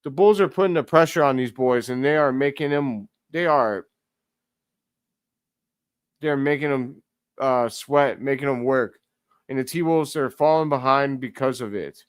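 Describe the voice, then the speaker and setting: Excitable man calling a game. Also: medium pitch, a little slow, pauses often, clear, resonant tone, dry recording, clean studio sound. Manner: excitable fan, talks to chat. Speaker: live stream host. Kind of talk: casual play-by-play commentary.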